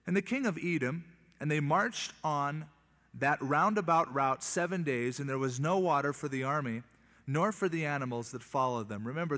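A man's voice: a little high, a bit bright, big-room sound. A male preacher teaching from the Bible, reading scripture and retelling it in plain, wry modern terms.

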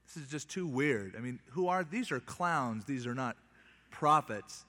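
A man's voice: mid-range voice, expressive, unhurried, pushed and bright, long reverb tail. A male preacher teaching from the Bible, reading scripture and retelling it in plain, wry modern terms.

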